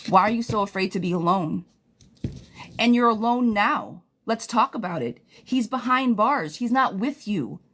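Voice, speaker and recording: A woman's voice: mid-range voice, expressive, moderate pace, a bit bright. Blunt, fired-up woman tarot reader. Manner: blunt, profane, impassioned advice. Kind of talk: live-stream tarot reading.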